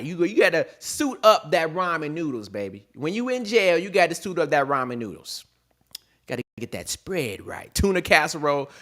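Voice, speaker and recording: Man, young adult, podcast host, casual comedic monologue, slangy, self-amused, higher pitch. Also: expressive, normal speed, a bit bright. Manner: loose, joking, laughs at his own bits, slangy.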